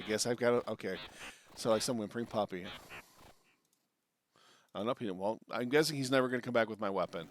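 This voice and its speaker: A man's voice: on the low side, a little fast, pauses often. A man streaming a retro adventure game live, reading its text aloud and chatting to viewers. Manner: animated, swings between reading and reacting. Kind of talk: live game playthrough with narration read aloud.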